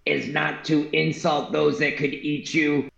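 A blunt insect creature whose voice crackles with heavy, gravelly fry, as a man puts it on. He speaks slowly and flatly. The sound is roomy and a little dull. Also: on the high side, full character voice. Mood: deadpan.

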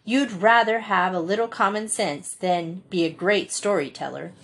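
A woman's voice: medium pitch, gravelly, fairly bright tone, husky. A woman reading an audiobook, voicing a bossy, practical young girl who scolds and bustles. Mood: scolding. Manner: scolding, brisk.

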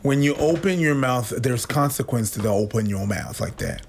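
A man's voice: medium pitch, lively intonation, moderate pace. A man co-hosting a podcast, speaking in blunt, confrontational bursts of short, punchy lines. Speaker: podcast co-host. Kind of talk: heated podcast commentary.

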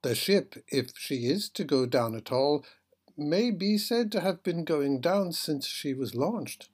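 A man with a husky voice reading a fable aloud and then commenting on it in a measured, reflective way. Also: a little high, expressive, a little mellow. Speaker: literature lecturer.

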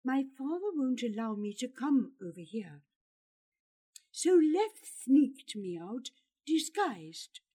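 A woman voicing an earnest, apologetic young boy who speaks quietly and pleads. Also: sits high, very animated, slow pace, slightly rough, heavily acted. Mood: pleading.

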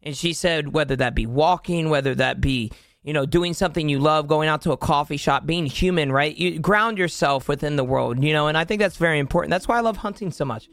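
A young man hosts a laid-back talk with a guest, his voice a touch high for a man. He is recorded dry and close, and he agrees readily and wanders into long tangents. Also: a little fast, a bit bright, no echo. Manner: upbeat, agreeable, rambling. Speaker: podcast host. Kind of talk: casual chat.

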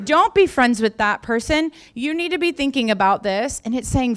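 A woman's voice: high-pitched, lively intonation, normal speed, hardly any pauses. A woman pastor giving a sermon in a conversational way, repeating key phrases for emphasis.

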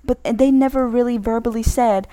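A woman's voice: on the high side, steady tone, normal speed, dark tone, dry recording. A woman giving casual spoken advice in a rambling way, correcting herself often and filling her talk with "like". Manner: rambling, self-correcting, many "like" fillers.

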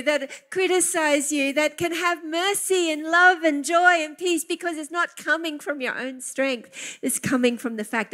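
Slow, high-voiced woman preaching fervently. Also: a bit bright. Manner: fervent, emphatic, with repeated hallelujahs. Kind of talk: sermon.

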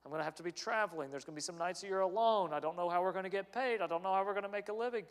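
A man playing a humble fisherman husband who speaks haltingly and earnestly. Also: sits high, pitched above the performer's own voice, lightly acted. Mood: earnest, worried. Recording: long hall reverb.

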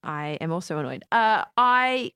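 A woman's voice: fairly low pitch, sing-song, measured pace, bright, forceful tone, clear, resonant tone, no echo, clean studio sound. A woman hosting a casual radio chat show, rambling a little and giggling through playful banter. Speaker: radio host.

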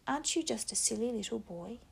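A woman's voice: fairly high pitch, lively intonation, brisk, gravelly, slightly rough, exaggerated voice. A woman voicing a talking pig's head that taunts like a stern schoolmaster, in a whispered reading. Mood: taunting. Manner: taunting, patronizing, rising to angry threats.

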